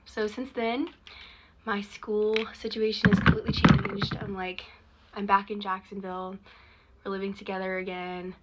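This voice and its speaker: A woman's voice: medium pitch, flat delivery, normal speed, background noise. A young woman casually telling a personal story, chatty and laughing often.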